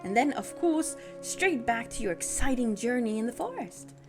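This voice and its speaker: A woman voicing a gentle older male tea-shop keeper, reading game dialogue aloud in a polite, formal, soothing way. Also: fairly high pitch, animated, moderate pace, over music, natural voice. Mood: gentle persuasive.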